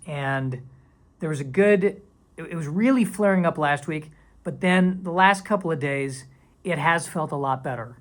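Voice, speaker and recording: A man talking casually to camera in a vlog, rambling and playful, sometimes dropping into silly whispers and mock dramatic voices. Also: fairly high pitch. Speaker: video creator.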